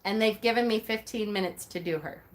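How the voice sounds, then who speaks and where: A woman vlogger telling a story about her day in a casual, animated way, laughing often and acting out her own reactions. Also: medium pitch, brisk, a little hiss or hum.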